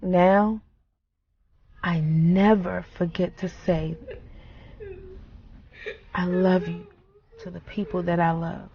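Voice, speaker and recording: A grieving, reflective wife. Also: female voice, lowish voice, flat delivery, lo-fi sound. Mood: wistful. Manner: reflective, halting, soft-spoken. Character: grieving wife remembering her late husband. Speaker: grieving widow. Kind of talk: film monologue.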